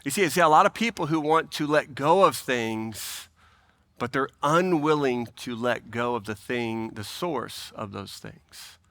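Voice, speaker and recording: A man preaching a sermon as pastor, earnest and pleading, repeating phrases for emphasis and swinging between animated bursts and soft, low asides. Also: unhurried.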